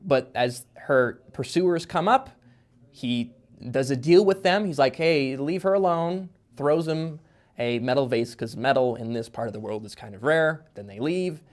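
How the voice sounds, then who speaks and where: A man's voice: mid-range voice, expressive, moderate pace. A man in casual podcast chat, a guest author explaining at length with lots of fillers and restarts. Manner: rambling, filler-heavy explaining.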